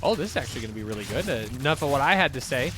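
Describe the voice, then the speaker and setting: A young man from the upper Midwest of the United States, casting an esports match with easygoing, joking chat that lifts with excitement on big plays. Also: mid-range voice, very fast, music in the background. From upper Midwest, USA. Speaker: esports caster. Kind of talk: game commentary with casual chat.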